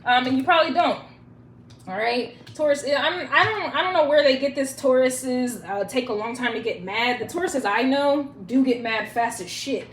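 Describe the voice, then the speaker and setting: A woman's voice: sits high, moderate pace. A young woman giving a casual, profane and playful tarot reading, with chanted rhymes. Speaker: tarot reader. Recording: echoey room with loud noise.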